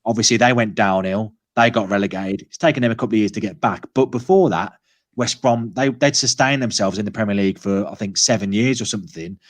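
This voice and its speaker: Man, low voice, football podcast host, hesitant casual chat, dry close sound. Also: fast talker, dry recording. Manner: hesitant, lots of filler and restarts.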